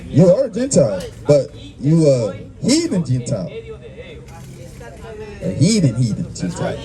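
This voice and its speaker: A man preaching on the street, forceful and confrontational, with many fillers and repeated words. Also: fairly high pitch, huge pitch swings, unhurried, over music. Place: outdoors on a busy street. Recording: busy street crowd noise.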